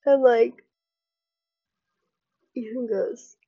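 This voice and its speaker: A woman hosting a casual chat podcast, animated, acting out what others said and laughing often. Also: fairly high pitch, slow pace, long pauses, slightly rough, no echo, dull audio. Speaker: podcast host. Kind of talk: casual chat recapping an interview.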